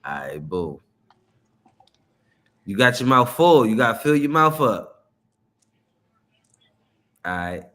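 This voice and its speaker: A man's voice: medium pitch, very animated, slow, pauses often, pushed and bright. A man hosting a casual livestream, laid-back and joking with slangy talk. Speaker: livestream host.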